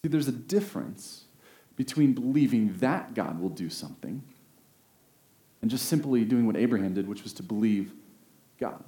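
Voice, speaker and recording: A man preaching a sermon, earnest, rising to emphatic peaks and slowing down on key phrases. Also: lowish voice, animated, mellow. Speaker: pastor. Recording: roomy echo.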